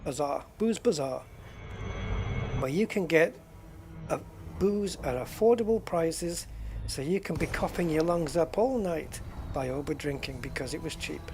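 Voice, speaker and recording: A man's voice: fairly high pitch, expressive, a little slow, over music. A man voicing a brash, hard-selling male announcer in a made-up booze shop advert. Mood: mock hard-sell. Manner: hard-sell, shouty, mocking.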